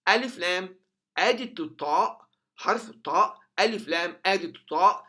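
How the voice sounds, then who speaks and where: A man with a bright, forward voice gives a lesson, saying each sound again and again so learners can copy it. His first language is Arabic. He stays patient and careful, and at times his voice sinks low and soft. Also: animated, slow. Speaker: teacher.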